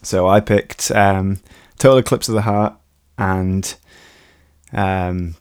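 Man co-host, lowish voice, self-deprecating and rambling, remote call. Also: steady tone, slow pace, a little mellow, smooth, dry recording, studio quality. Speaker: musician and co-host. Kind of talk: casual podcast chat.

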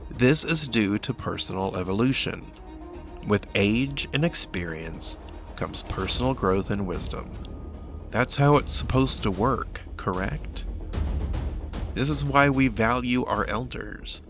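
A man narrating a scripted video essay in a measured, earnest and reflective way. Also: lowish voice. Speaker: commentator. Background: faint background music.

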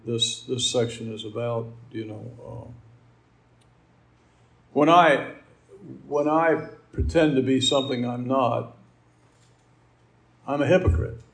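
A man's voice: medium pitch, takes it slowly, pauses often, a bit bright. A middle-aged man giving a conversational sermon, folksy and rambling, with asides and fillers. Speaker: preacher.

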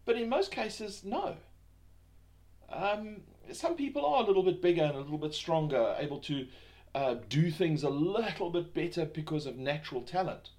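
Rambling, higher-voiced man hosting a podcast. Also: moderate pace, darkish tone. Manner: rambling, many fillers and restarts; rhetorical questions. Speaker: podcast host. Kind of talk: self-help podcast monologue.

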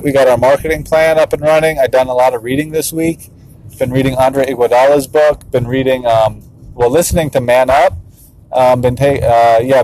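A man's voice: mid-range voice, darkish tone, rough recording. A man in his thirties, a father and business owner, talking casually, laughing often and playfully mimicking his kids. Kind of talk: casual vlog monologue.

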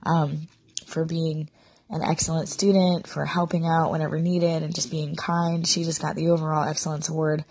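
A woman in her thirties, a sick and short-of-breath mother, sadly confiding a personal story in a halting monologue full of fillers. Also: sits low, level tone, a little mellow, breathy edge. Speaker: podcaster, mother.

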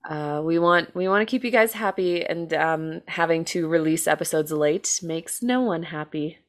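In casual conversation, an American woman co-hosts a true-crime podcast and walks through a case. Her voice sits low and her speed is normal. She's chatty, full of fillers and self-deprecating jokes, with the odd curse thrown in.

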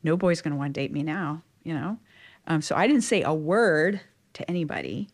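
Louisiana-raised nun, interview guest; slightly low female voice, chatty, expressive storyteller. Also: a little fast. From Louisiana, USA. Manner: chatty, expressive, frequent "like" fillers. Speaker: guest, Catholic religious sister. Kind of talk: personal storytelling in conversation.

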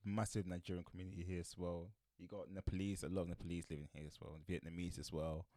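Young man, South London accent, low voice, dry close mic, slangy banter. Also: little pitch movement, quick pace, dark tone, no room sound. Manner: laid-back slangy banter, laughs often. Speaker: podcast co-host. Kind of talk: casual chat.

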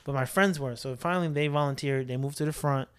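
A young man co-hosting a podcast, telling an animated story in casual chat and swearing freely. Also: fairly high pitch, fast, smooth. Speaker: podcast co-host.

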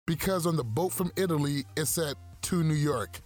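A man's voice: a little high, normal speed, a little mellow, soft background music. A man co-hosting a podcast in casual chat, loose and profane, laughing at his own jokes. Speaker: podcast co-host.

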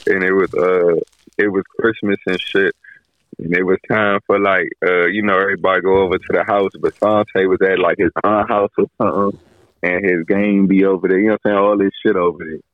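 A man's voice: deep voice, level tone, fairly quick, no echo. Man on a podcast telling a long funny story, puts on the voices of the people in it, dry and dull sound. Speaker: podcast co-host. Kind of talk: casual storytelling chat.

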